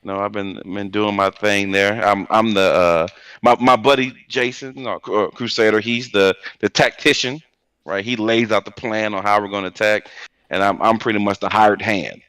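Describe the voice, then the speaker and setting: Male co-host, low voice, dry close sound, halting casual rambling. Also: steady tone, fairly bright tone, smooth, no room sound. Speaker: podcast co-host. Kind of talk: casual gaming chat.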